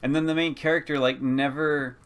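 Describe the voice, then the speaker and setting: A man's voice: fairly high pitch, steady tone, brisk, fairly bright tone, clean tone. A man co-hosting a reaction video, making dry, wry remarks in casual chat.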